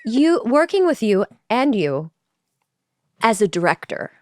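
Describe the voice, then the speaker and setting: A woman's voice: on the high side, very animated, a little slow, a little hiss or hum. A woman in her forties co-hosting a podcast in casual chat, asking rambling questions full of "like.". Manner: warm, rambling questions with many "like"s. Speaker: podcast co-host.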